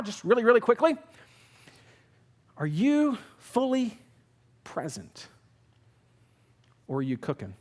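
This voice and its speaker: A man preaching a sermon as pastor, telling a candid, self-deprecating story and moving between loud emphatic lines and hushed quiet ones. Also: fairly high pitch.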